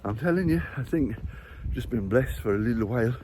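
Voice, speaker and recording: Against a noisy background, a man climbs outdoor stairs for a casual walking vlog, a bit winded. His medium-pitched voice is brisk with lively intonation as he muses rambling reflections on faith and chuckles frequently.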